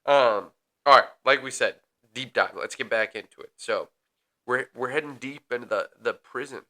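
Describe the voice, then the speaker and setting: A man's voice: mid-range voice, moderate pace. A man co-hosting a casual podcast, reading history notes with frequent ums and joking asides. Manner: relaxed, reads facts with filler ums, jokes between. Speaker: podcast co-host.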